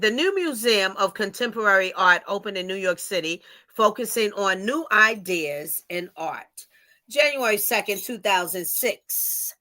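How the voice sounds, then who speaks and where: Over a video call, a woman co-hosting a livestreamed podcast reads fun facts from her notes, stumbling slightly and laughing now and then. Her voice is medium-pitched with a sharp tone.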